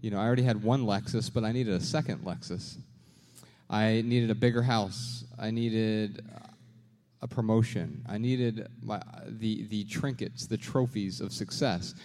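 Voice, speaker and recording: A man's voice: fairly low pitch, unhurried, a little mellow. A man co-hosting a live podcast show, telling his story in an earnest, reflective way before an audience. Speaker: podcast co-host. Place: large venue with a live crowd. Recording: reverberant live venue.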